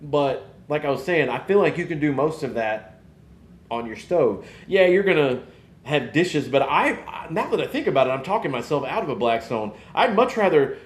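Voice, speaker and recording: A man, hosting a casual live podcast and rambling in an animated way. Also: fairly high pitch, moderate pace, echoey room. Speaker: podcast host. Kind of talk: casual live-stream chat.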